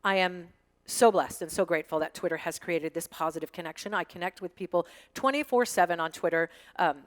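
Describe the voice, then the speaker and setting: A woman's voice: on the low side, a little fast, long reverb tail. Sassy woman reading tweets live. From United States. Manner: animated, joking, sassy asides. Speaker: guest reading tweets on stage. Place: event space with audience.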